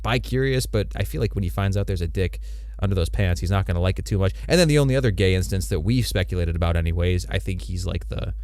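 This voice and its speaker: A man's voice: low voice, fast, darkish tone, no room sound, clean studio sound. A man co-hosting a casual podcast, joking and crude, riffing loosely on characters. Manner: joking, crude, does mocking voices. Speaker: podcast co-host. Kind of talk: casual chat.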